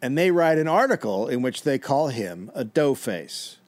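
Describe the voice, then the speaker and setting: Podcast host, man, mid-pitched, expressive contour, dry storyteller. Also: moderate pace. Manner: dry, matter-of-fact retelling with fillers. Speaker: podcast host telling the history. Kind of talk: casual storytelling.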